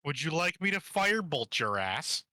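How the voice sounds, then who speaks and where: A man's voice: a little high, very animated, normal speed, bright, forceful tone, no echo. A man playing a tabletop game, wry and teasing toward the others. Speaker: player. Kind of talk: casual tabletop play.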